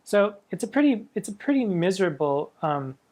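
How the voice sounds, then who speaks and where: A man's voice: high voice, big pitch swings, moderate pace, darkish tone. Musing man talking through old poetry. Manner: musing, reads verse lines aloud with relish; wry, self-mocking asides. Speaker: drag performer discussing poetry. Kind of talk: casual spoken literary commentary.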